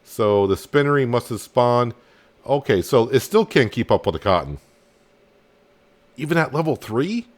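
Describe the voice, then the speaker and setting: A man's voice: mid-range voice, very animated, normal speed, long pauses. A man casually commenting as he plays a farming game, thinking aloud with many fillers. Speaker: gaming channel host. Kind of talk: casual let's-play commentary.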